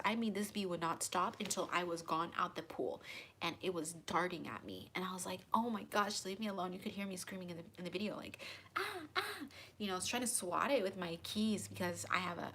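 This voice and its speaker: A woman hosting a tarot channel, telling viewers a personal story in an animated, dramatic way with lots of fillers. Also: on the low side, fast, a little hiss or hum.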